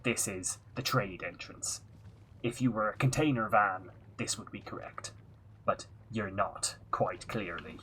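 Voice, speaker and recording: A man voicing a burly, gruff but kindly Irish police officer in a thick put-on Irish accent. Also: fairly low pitch, a little slow, sharp tone, full character voice, poor audio. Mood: blunt. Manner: thick, blunt and emphatic.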